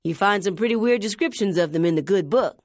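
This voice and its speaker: A man's voice: sits high, quick pace, no room sound, studio quality, lightly acted. A woman voicing an anxious middle-aged male street preacher in an audiobook, pleading and insistent. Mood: hopeful.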